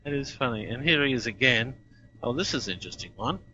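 Aussie guy hosting, bright voice, kinda dull lo-fi sound, restarts a lot. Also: medium pitch, expressive, fast talker, a little hiss or hum. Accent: Australian. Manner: thinking aloud with frequent restarts. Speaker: host. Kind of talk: casual chat.

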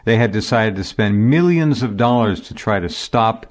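A man hosting a talk radio show, speaking in a measured, earnest way. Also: fairly low pitch, lively intonation. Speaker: radio host.

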